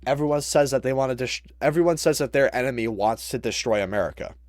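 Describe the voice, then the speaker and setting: A man's voice: mid-range voice, quick pace, a little mellow, no echo. A man giving casual reaction commentary, rambling and restarting his thoughts as he goes.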